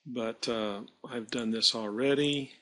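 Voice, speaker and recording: A man teaching math, talking through a screen-recorded software demonstration and correcting his slips aloud as he works. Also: mid-range voice, slow. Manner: thinking aloud while working, self-correcting.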